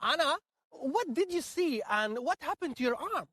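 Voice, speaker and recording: An actress playing a female TV news reporter in a scripted scene for English learners, speaking slowly and clearly. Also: sits high, sing-song, a bit bright, no echo, clean studio sound. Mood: curious. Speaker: reporter in a lesson video.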